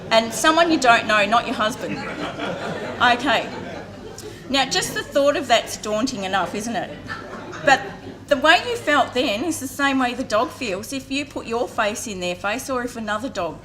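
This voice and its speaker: A woman's voice: fairly high pitch, expressive, normal speed, few pauses, fairly bright tone. An Australian woman in her forties giving an earnest public talk at a community campaign launch, telling a story to an audience. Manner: earnest storytelling, acts out voices briefly. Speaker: community vet care speaker. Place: outdoor event with audience.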